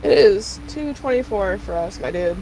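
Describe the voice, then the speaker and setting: A woman's voice: mid-range voice, animated, moderate pace, mellow, slight background noise, rough recording. A young woman with a Southern US accent, streaming a game with friends and teasing them, swearing freely. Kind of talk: casual gaming chat.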